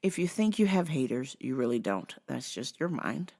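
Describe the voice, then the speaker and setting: A woman's voice: a bass voice, very animated, normal speed, a little mellow. A woman in her thirties telling blunt, profane stories in a casual vlog monologue. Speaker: vlogger and store clerk.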